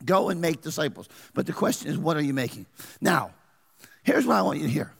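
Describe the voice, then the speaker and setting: A man's voice: a little high, big pitch swings, a little fast, gravelly, fairly bright tone, husky, long reverb tail. A man preaching a sermon as pastor, asking his congregation questions and pressing his points. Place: church.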